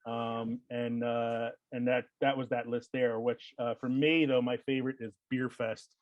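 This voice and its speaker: Rambling podcast host, dry close mic. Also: male voice, mid-range voice, little pitch movement, a little slow, dry recording, dull audio. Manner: rambling, laughs often, filler-heavy. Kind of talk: casual chat.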